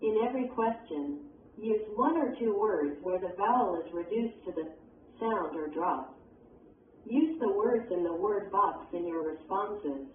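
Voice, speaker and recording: A woman reading English textbook exercises and instructions aloud in a measured, instructional way. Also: mid-range voice, lively intonation, a little hiss or hum. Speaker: textbook reader. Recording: echoey, distant, tinny.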